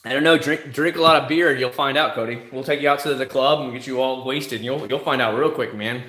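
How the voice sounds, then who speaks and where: A man's voice: medium pitch, fast talker, pushed and bright. Man, middle-aged, from South Florida, live chat host, blunt, profane, mid-range voice, echoey room. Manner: blunt, profane, mocking impressions of others. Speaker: livestream host answering chat. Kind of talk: casual ranting chat. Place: home room, in Kissimmee.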